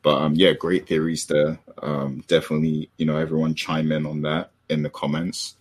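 A man's voice: extremely low pitch, completely flat delivery, moderate pace, breathy edge. A man hosting a casual TV recap chat, steering the talk and asking his co-hosts for their views, with many fillers. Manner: leads the talk, prompts co-hosts, frequent fillers. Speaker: podcast host.

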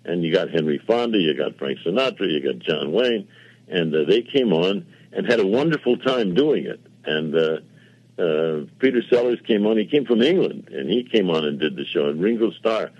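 Older man, low voice, husky, rambling anecdotes, dull lo-fi radio sound. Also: expressive, normal speed, a little mellow, no echo. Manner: rambling anecdotes with quoted dialogue and self-mocking asides. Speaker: television producer, guest. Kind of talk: casual interview storytelling.

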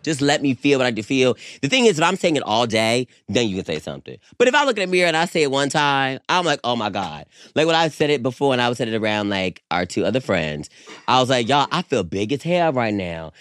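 A man's voice: medium pitch, fast, smooth, dry recording, studio quality. A man co-hosting a casual podcast, talking animatedly and swearing often as he chats with a friend. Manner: animated, swears often, calls people girl. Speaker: podcast co-host. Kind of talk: casual chat.

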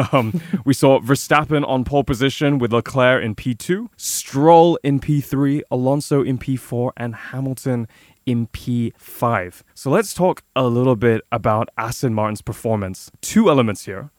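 Speaking at a normal speed in a mid-range voice, a man co-hosts a casual podcast, captured in clean studio audio with no room sound. He chats freely, drops sarcastic remarks, and frequently stumbles into sentences by repeating words.

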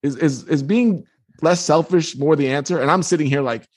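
A man, an author being interviewed, telling a story with energy and quoting others in lively voices. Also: a little high, moderate pace. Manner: quotes others in lively put-on tones. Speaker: author and guest. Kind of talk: animated storytelling.

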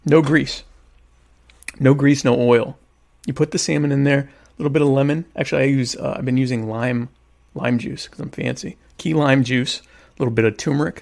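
A man's voice: mid-range voice, vocal fry. A man hosting a casual livestream, joking and teasing his viewers in a self-mocking way while he eats. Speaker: livestream host. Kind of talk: casual comedic chat with viewers. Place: home, at a meal.

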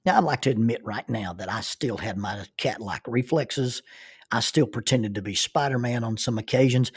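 A man's voice: mid-range voice, breathy edge. A middle-aged man, a preacher, telling a funny personal story in a self-deprecating, chuckling way.

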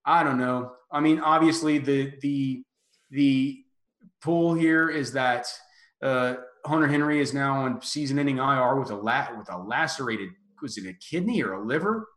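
A man in an echoing room talks sports in a loose, halting way. He restarts his sentences often and leans on fillers. His pitch sits mid-range for a man. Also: a bit bright. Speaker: podcast host. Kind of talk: casual sports chat.

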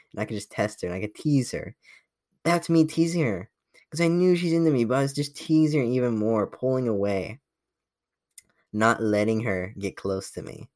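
A man's voice: on the low side, darkish tone, dry recording, studio quality. A young man hosting a podcast, telling a boastful dating story in a cocky, profane, laughing way. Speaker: podcast host. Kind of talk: casual storytelling monologue.

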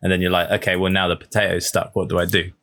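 A man with a low voice chats on a podcast. He explains eagerly and reaches for examples. His delivery is casual and lively. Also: quick pace.

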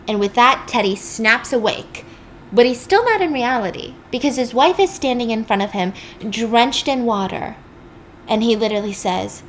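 A young woman narrating a film recap in a casual, chatty way. Her voice sits slightly high, and she tosses in sarcastic asides as she goes. A light hiss runs underneath. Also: normal speed.

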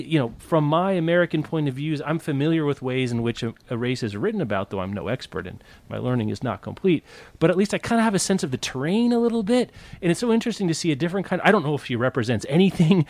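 A man's voice: fairly high pitch, darkish tone, no room sound. A man co-hosting a podcast, enthusiastic and rambling as he recommends books with many restarts. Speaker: podcast co-host. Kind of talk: casual book chat.

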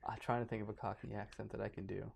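A man's voice: fairly low pitch, flat delivery, very fast, creaky, slight background noise. A man co-hosting a podcast, reading a cryptid story aloud and joking off into tangents with his co-host. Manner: rambling, joking, breaks off into banter mid-story.

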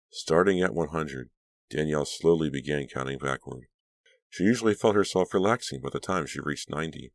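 A man narrating an audiobook in a measured storytelling manner. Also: very deep voice, no echo. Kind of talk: scripted narration.

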